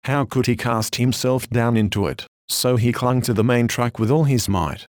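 A man's voice: mid-range voice, moderate pace, a little mellow, dry recording, studio quality. A man reading a sermon aloud in an earnest, pleading way, with old-fashioned phrasing. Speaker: preacher.

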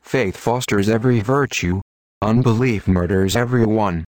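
A man delivers a sermon with emphatic, rhetorical oratory. His voice sits low, and the recording is dry and close, with no room sound. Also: moderate pace, darkish tone, no room sound. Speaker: preacher. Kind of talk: sermon reading.

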